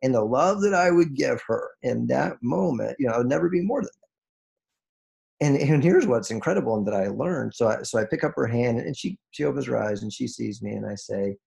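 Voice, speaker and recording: Man, gravelly tone, emotional motivational speaker on a video call, earnest, restarts a lot. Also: medium pitch, expressive, fairly quick, darkish tone. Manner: earnest, emotional, many restarts, voice rises when moved. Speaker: guest speaker on a group call. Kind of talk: heartfelt motivational talk.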